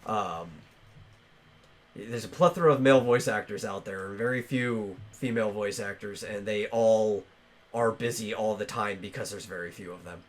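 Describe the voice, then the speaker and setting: A man's voice: fairly low pitch, normal speed. A man hosting a casual podcast, talking loosely with lots of fillers and restarts. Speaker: podcast host.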